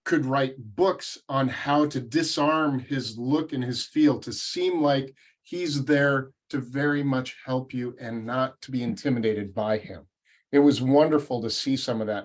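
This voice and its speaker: A man's voice: mid-range voice, measured pace. A man speaking at a meetup, telling self-deprecating stories in a casual group discussion. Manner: conversational, self-deprecating storyteller.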